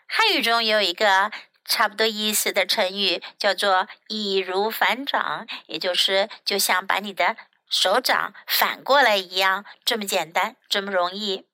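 A woman teaching English to children, repeating each phrase slowly and explaining it. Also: medium pitch, fairly even intonation, pushed and bright, no echo. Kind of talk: bilingual children's English lesson.

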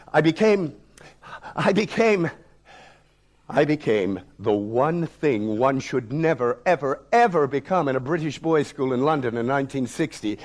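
A man in his sixties, a theatre director, performing a dramatic, declamatory personal story on stage. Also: medium pitch. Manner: dramatic, declamatory, sweeping shifts in loudness. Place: talk-event stage.

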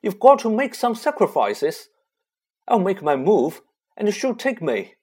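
A man voicing a determined teenage boy, speaking urgently and insistently in a husky voice. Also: high voice, very animated, measured pace, darkish tone, voice pushed up, full character voice. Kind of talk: audiobook reading.

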